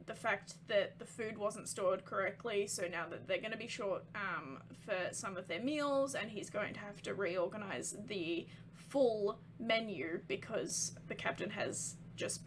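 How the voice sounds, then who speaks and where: A woman narrating a tabletop game as game master, halting with many ums. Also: medium pitch, noisy background.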